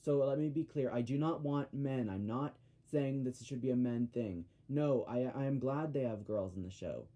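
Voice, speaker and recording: A man talking through a casual episode review in a mellow, rather dark voice. He rambles and rants, backtracks mid-sentence and fixes his own slips as he goes. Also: medium pitch, normal speed, hardly any pauses. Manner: rambling, ranting, self-correcting.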